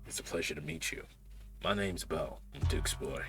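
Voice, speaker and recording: A man voicing a polite young farm son, low and soft-spoken with a lilt. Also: moderate pace, over music.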